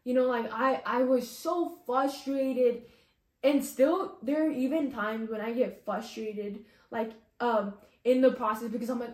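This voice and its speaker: A woman's voice: on the high side, steady tone, measured pace. Earnest young woman in an echoey room. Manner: earnest, heavy on fillers like "like" and "you know". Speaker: testimony speaker. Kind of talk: personal faith testimony.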